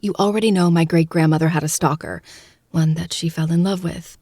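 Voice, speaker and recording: A man voicing a wary, defiant young woman in a quick, clipped falsetto while reading a story aloud. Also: fairly even intonation, a little mellow, slightly rough, dry recording, studio quality. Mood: musing.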